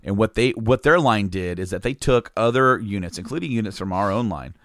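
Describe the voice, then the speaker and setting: Low-voiced man rambling through a story. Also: fairly quick, dry recording, studio quality. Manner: rambling, laughs often, swears freely. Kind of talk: casual storytelling.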